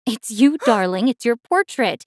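A woman's voice: fairly high pitch, very animated, unhurried, no echo, studio quality. A woman narrator voicing a grieving, controlling wealthy mother who speaks sharply and insistently.

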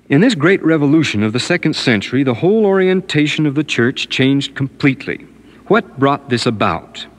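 A middle-aged man delivering a formal, scholarly radio lecture in the 1950s, emphatic as he quotes scripture at length. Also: mid-range voice.

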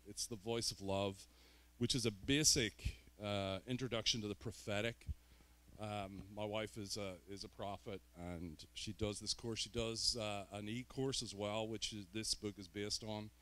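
A man's voice: lowish voice, a bit bright. A man from Northern Ireland with a Northern Irish accent, a guest preacher opening his sermon with joking, self-deprecating asides in a church. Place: church sanctuary.

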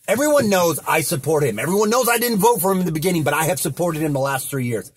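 Angry, high, lively man ranting. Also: a little fast, few pauses, husky. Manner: heated, profane, repeats himself. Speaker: vlogger. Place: inside a car.

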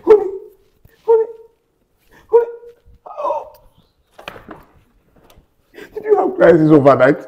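A man's voice: very high voice, wildly swooping pitch, slow, long pauses, highs cut off, heavily acted. A man acting a husband who wails and pleads over his collapsed wife, crying as he talks. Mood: grieving. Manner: pleading, wailing, sobbing grief. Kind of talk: dramatic acting.

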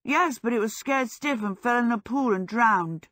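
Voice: medium pitch, normal speed, bright, forceful tone, dry recording, studio quality, pitched above the performer's own voice, lightly acted. A woman voicing an eager young male apprentice in a storybook reading. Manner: eager, willing.

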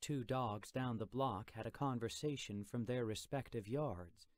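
A male audiobook narrator reading a first-person story in a measured, expressive way. He takes an unhurried pace, and the booth sound is close and completely dry. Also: mid-range voice, dry recording.

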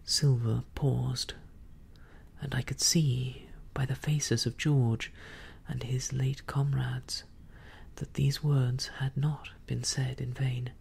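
A storyteller reads an old novel in a soft whispered role-play. The voice is breathy and gravelly, and the pace is slow and unhurried throughout. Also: medium pitch, level tone.

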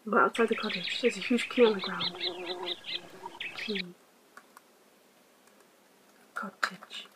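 A woman hosting a casual let's-play, quietly reading game text aloud and muttering her choices. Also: medium pitch, steady tone, takes it slowly, long pauses, noisy background. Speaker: gaming channel host.

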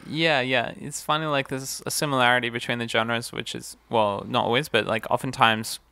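Gravelly, bright-voiced man. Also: medium pitch, moderate pace, no echo. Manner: relaxed, filler-heavy, explains music theory. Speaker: podcast co-host. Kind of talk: casual music chat.

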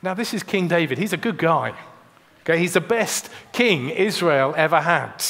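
A man's voice: a little high, lively intonation, normal speed, fairly bright tone. A man preaching a sermon in a church, earnest and direct, often repeating a word as he starts a sentence. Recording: long church reverb.

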